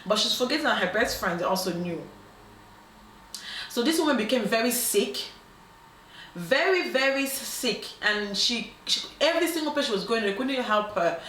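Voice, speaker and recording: Animated woman storyteller in an echoey room. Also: fairly high pitch, normal speed. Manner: animated, acts out quoted voices, many ums and restarts. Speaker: storyteller host. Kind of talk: casual storytelling. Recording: roomy echo, faint background noise.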